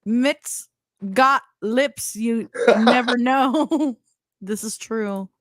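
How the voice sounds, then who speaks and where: A woman's voice: fairly high pitch, extremely slow, no room sound, clean studio sound. A woman hosting a casual chat show, joking crudely and laughing often. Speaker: podcast host.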